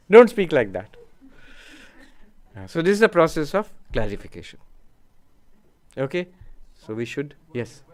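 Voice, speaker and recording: Resonant man teaching calmly. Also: a little high. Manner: unhurried, reflective, lists terms slowly. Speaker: spiritual teacher. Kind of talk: lecture with audience questions.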